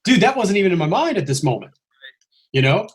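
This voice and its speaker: A man's voice: high voice, brisk. A man casually telling a long story on a podcast, acting out the lines he quotes. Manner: animated, acts out quoted lines with a raised voice. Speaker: stuntman telling his story.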